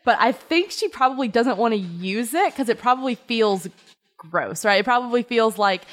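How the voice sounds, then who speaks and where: A woman's voice: mid-range voice, normal speed. A woman playing a tabletop game, rambling and full of fillers as she explains her character's choices. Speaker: player.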